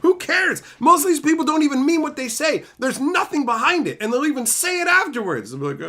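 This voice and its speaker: Profane ranting male streamer, wildly animated. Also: brisk, hardly any pauses. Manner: profane, ranting, swings from loud outbursts to low mutters. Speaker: streamer reading live chat. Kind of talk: livestream rant.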